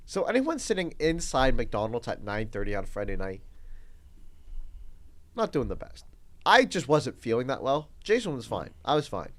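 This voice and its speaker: A man's voice: medium pitch, normal speed. A young man co-hosting a podcast, telling a story in casual chat, laughing often and acting out the people he quotes. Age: young adult. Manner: animated, laughs often, acts out quoted voices. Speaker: podcast co-host.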